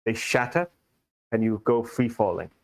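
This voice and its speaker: Indian game master telling a story. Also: male voice, lowish voice, normal speed, vocal fry, poor audio. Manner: loose, filler-heavy storytelling. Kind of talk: narrating a tabletop game.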